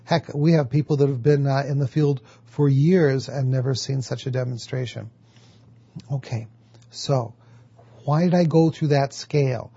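A man's voice: mid-range voice, steady tone, measured pace, gravelly, mellow, slightly rough, highs cut off. A man teaching a lecture on hypnotherapy, explaining step by step and answering his own questions. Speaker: hypnotherapy instructor.

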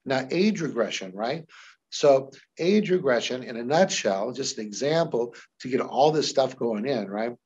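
A man with a husky voice teaching hypnosis in an animated, demonstrative way, often shifting his voice to show examples. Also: medium pitch, moderate pace, muffled recording. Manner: animated, shifts voice dramatically for demos. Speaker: hypnosis trainer.

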